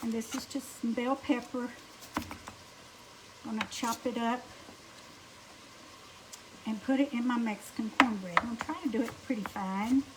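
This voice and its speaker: A middle-aged woman with a warm-sounding Alabama drawl talks her viewers through a home-cooked supper, folksy and chatty, calling out hellos by name. Her voice sits high. The kitchen is noisy, with pots and dishes knocking clearly in the background. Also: fairly even intonation, moderate pace, long pauses. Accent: Southern US, Alabama. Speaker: home cooking livestream host. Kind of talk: casual cooking livestream chat.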